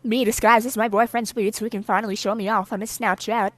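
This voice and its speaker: Woman reading tweets and spilling dating stories, kinda high, super dry sound. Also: steady tone, fast, a bit bright, dry recording.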